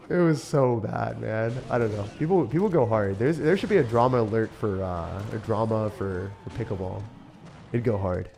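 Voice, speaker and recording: A man chatting excitedly while live-streaming a mobile game, often laughing and talking to his viewers. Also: fairly low pitch, creaky, slight background noise. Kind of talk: live-stream gameplay chat.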